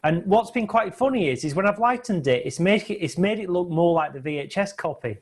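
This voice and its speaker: A man's voice: sits high, lively intonation, brisk. Chatty man hosting a film commentary. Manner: chatty, storytelling, tag questions. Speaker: host. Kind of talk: casual film commentary chat.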